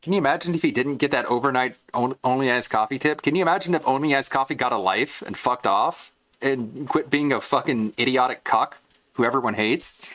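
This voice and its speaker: A man's voice: mid-range voice, fairly quick, a bit bright, dry recording. A man streaming and reacting to clips in casual commentary, mocking and swearing as he rants. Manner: mocking, profane ranting.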